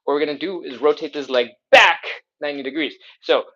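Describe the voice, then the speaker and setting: A man's voice: on the high side, brisk, bright, forceful tone, highs cut off. A man coaching a live follow-along stretching workout, chatty and upbeat, with playful exclamations as he explains each move. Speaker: stretching instructor.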